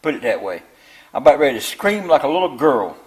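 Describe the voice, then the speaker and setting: A man's voice: mid-range voice, sing-song, quick pace, breathy edge, rough recording. An older man, talking through a tractor build in his machine shop in a rambling, grumbling way. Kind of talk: casual workshop vlog.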